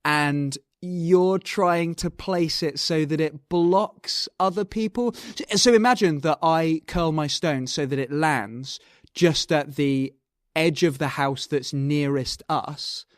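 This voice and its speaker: A man's voice: on the high side, takes it slowly, no room sound, clean studio sound. A man co-hosting a comedy podcast, chatting in a jokey, casual way. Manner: jokey, slips into silly put-on voices. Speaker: podcast co-host.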